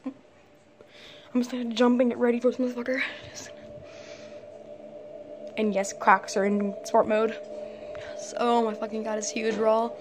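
A woman's voice: fairly high pitch, big pitch swings, measured pace, long pauses, noisy background. A scared, jumpy woman rambling and swearing nonstop as she films in her bedroom at night on a handheld phone. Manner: jittery, swears constantly, rambles nervously. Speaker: vlogger. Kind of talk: casual rambling phone vlog.

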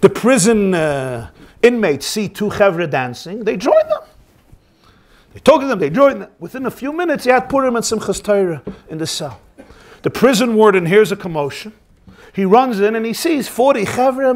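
High-voiced man teaching a religious class. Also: moderate pace. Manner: expressive, emphatic, switches between speaking and quoted voices. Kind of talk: religious lecture with storytelling.

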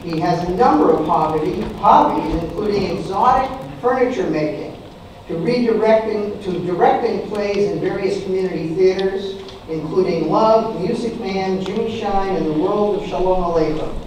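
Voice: medium pitch, moderate pace, a little mellow, slight background noise. Emcee reading introductions in an echoey hall. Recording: roomy hall from far off.

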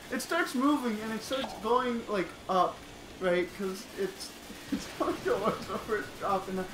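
A young male co-host of a gaming channel tells a profane, laugh-filled story while playing a video game, casual storytelling over gameplay. His high voice takes it slowly, recorded in an echoey room with video game music and a noisy background.

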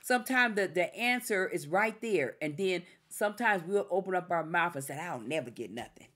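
A woman's voice: fairly low pitch, normal speed, a bit bright. A woman co-hosting a faith talk show, preaching fervently and acting out God and the devil in her quotes. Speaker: ministry show co-host.

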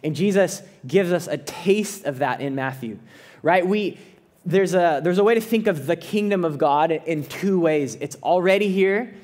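A male pastor delivers a sermon in an earnest, conversational way, often doubling back on his words. His voice sits fairly high for a man. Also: unhurried, a little mellow. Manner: earnest, conversational preaching with frequent restarts.

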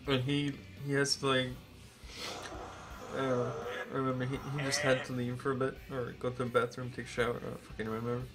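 A twenty-something man, speaking quickly at medium pitch over a noisy background, rambles through a profane story on a live stream. He's wildly excited and emotional, close to tears.

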